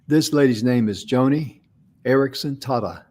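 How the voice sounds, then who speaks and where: A man's voice: medium pitch, normal speed, darkish tone. A man co-hosting a talk show, telling an inspirational story in a folksy, conversational way. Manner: folksy, affirming with frequent mm-hmms. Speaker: co-host.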